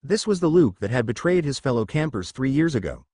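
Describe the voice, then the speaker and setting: A man reading a fan fiction story aloud as narrator in an expressive storytelling manner. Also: medium pitch, brisk, no echo, clean studio sound.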